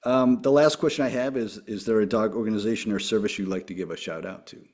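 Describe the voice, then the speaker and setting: A man's voice: fairly low pitch, fast talker, darkish tone. A man hosting a casual podcast interview, working through numbered questions with short, easygoing replies. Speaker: podcast host.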